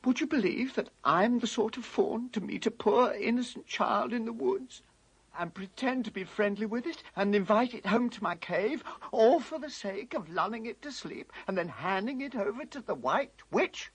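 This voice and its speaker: A woman's voice: fairly high pitch, animated, normal speed, breathy edge, poor audio. A woman voicing a guilt-ridden, tearful male fawn in an amateur radio play. She talks anxiously and stammers. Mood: guilty, fearful. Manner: anxious, stammering, breaking into sobs.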